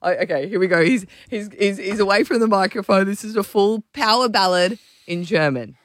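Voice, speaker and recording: A radio co-host in a studio, teasing and giggling, cutting in with quick banter. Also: medium pitch, background noise.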